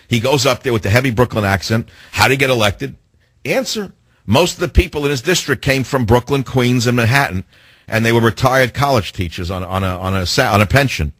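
A man's voice: lowish voice, slightly rough, no room sound. A man hosting a political talk radio show, combative and sarcastic, firing off rhetorical questions.

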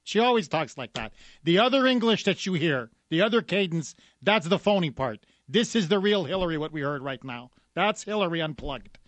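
A man's voice: fairly high pitch, animated, normal speed, a bit bright, no echo. A man hosting a talk radio show, delivering an emphatic, combative monologue with lots of repetition. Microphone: studio microphone.

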